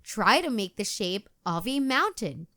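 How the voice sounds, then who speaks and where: A woman's voice: medium pitch, very animated, measured pace, pushed and bright, heavily acted. A woman reading as a cheerful schoolteacher. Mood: instructive. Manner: clear instructive teacher tone.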